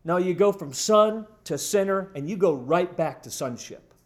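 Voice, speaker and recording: A man's voice: high voice, expressive, moderate pace. A man preaching a sermon in an emphatic, storytelling way, addressing his congregation. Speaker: pastor.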